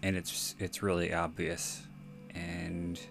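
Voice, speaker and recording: Slow, low-voiced man rambling. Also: monotone, creaky, a bit bright, soft background music. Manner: rambling, frequent self-corrections and profanity. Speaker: podcast host. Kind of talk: casual movie commentary.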